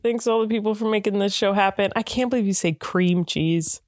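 A woman's voice: mid-range voice, a little fast, darkish tone, no room sound, studio quality. A woman co-hosting a casual chat podcast from home, teasing her partner and giggling often. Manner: teasing, giggly, playful questioning. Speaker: podcast co-host.

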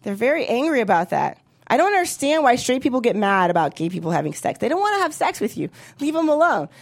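A woman's voice: on the high side, fast, dry recording. A woman in her thirties doing a brash, profane stand-up comedy set. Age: 30s. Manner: brash, profane, animated with voiced impressions.

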